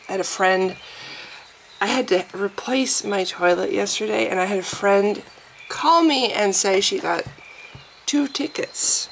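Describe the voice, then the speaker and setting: Slow, candid woman vlogging at home. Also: medium pitch, creaky, a bit bright, slight background noise. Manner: rambling and candid, with restarts and self-deprecating asides. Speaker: video blogger. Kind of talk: casual personal vlog.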